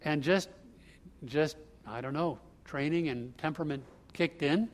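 Halting man telling a story, fairly high. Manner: halting, many fillers and restarts. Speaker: speaker recounting a news event. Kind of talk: unscripted spoken storytelling.

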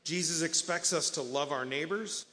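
A man's voice: fairly high pitch, moderate pace, pushed and bright, big-room sound. A man preaching a sermon as pastor, earnest, quoting scripture and voicing the people in his stories.

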